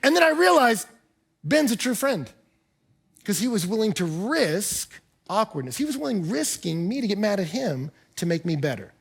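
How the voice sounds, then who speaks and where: A man's voice: high-pitched, moderate pace, gravelly, slightly rough. A middle-aged man, a pastor, preaching a sermon and acting out the people in his stories. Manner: animated storyteller, acts out dialogue in quotes.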